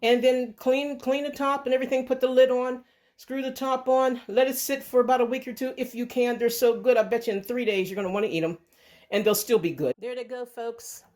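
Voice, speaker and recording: A woman's voice: on the high side, fairly even intonation, brisk, a little mellow. Woman host, casual kitchen demo, chatty and rambling, handheld camera. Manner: chatty and rambling, with restarts, calls viewers folks. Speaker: channel host. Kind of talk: casual home cooking demo.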